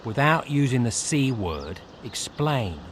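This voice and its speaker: A man's voice: medium pitch, sing-song, takes it slowly, a little hiss or hum. An actor playing a sarcastic, greedy male hero in a video game, with a snarky, dismissive way of talking. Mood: irritated.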